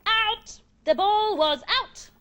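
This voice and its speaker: A woman voicing a fussy, melodramatic talking box in a children's show, shrill and bossy. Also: takes it slowly, bright, forceful tone, exaggerated voice.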